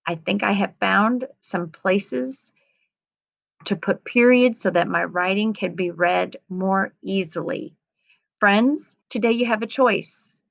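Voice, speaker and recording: A woman teacher gently talking young students through editing her writing, reading aloud patiently. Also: medium pitch, takes it slowly, gravelly, no echo. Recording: slightly dull lo-fi sound.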